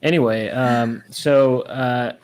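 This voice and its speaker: A man's voice: medium pitch, steady tone, slow, darkish tone. A man co-hosting a casual online chat show, joking and rambling as his sentences trail off. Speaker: co-host.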